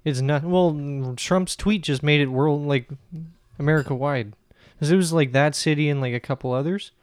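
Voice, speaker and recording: A man's voice: a little high, normal speed, clean tone, dry recording. A man co-hosting a podcast in casual, profane, rambling chat, laughing often. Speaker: podcast co-host.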